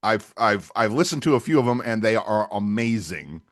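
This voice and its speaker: A man's voice: lowish voice, expressive, normal speed. A man co-hosting a podcast in casual chat, chatty and agreeable, often backing up his co-host.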